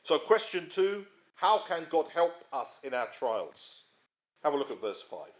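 A man preaching a sermon in a conversational way, often checking in with his listeners and swinging between emphatic rises and quiet drops. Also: fairly high pitch, sing-song, unhurried. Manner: conversational, frequent tag questions.

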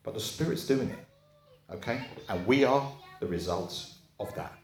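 A man's voice: lowish voice, expressive, measured pace. A man preaching a sermon in a conversational way, often checking in with his listeners. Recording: echoey room.

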